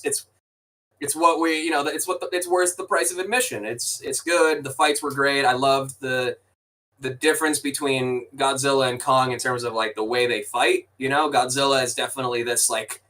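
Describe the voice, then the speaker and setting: On a podcast, a man with a bright, forceful, medium-pitched voice rambles casually about a film, often restarting and occasionally swearing. He sits far from the mic in a low-quality recording.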